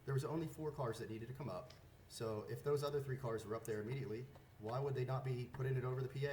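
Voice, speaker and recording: Man, aggrieved and insistent, echoey room, steady background noise. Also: medium pitch, fast talker. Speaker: racer explaining a dispute. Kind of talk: direct-to-camera explanation. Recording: roomy clip with background noise.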